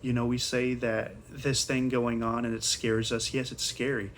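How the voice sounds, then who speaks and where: A man's voice: medium pitch, level tone, normal speed, a little hiss or hum. A man teaching Sunday school, retelling a Bible story in a casual, conversational way with slangy asides.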